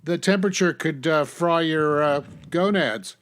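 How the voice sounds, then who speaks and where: A man co-hosting a casual political chat, earnest and halting, with many fillers. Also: fairly high pitch, fairly bright tone.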